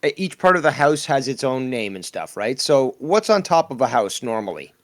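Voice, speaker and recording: A man's voice: mid-range voice, sing-song, moderate pace, dry recording, studio quality. A man co-hosting a casual chat, teasing a guest with questions.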